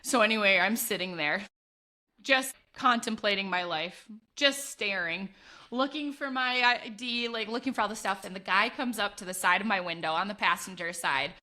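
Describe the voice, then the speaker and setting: Bright, animated woman telling a story. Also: mid-range voice, moderate pace. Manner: animated, laughs often, acts out her own past voice. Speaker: podcast co-host. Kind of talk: casual chat, storytelling.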